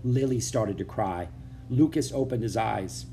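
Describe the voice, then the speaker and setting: A man reading a children's chapter book aloud in steady storytelling narration. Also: fairly low pitch, a little slow, slight background noise. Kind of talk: audiobook narration.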